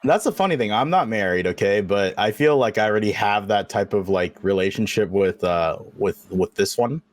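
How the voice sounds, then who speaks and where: A young man co-hosting a casual podcast in a fairly low voice, recorded dry and close. He talks in a relaxed, rambling way, full of fillers and easy laughs. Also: moderate pace, no echo. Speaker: podcast co-host. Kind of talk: casual chat.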